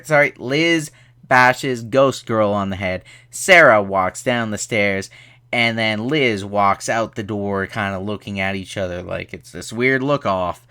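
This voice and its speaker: Young dude ranting through a movie recap, bright voice, keeps flipping into squeaky mocking voices. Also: male voice. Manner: animated, exasperated, jumps into high mocking voices for characters. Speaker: movie reviewer. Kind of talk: casual spoken movie review.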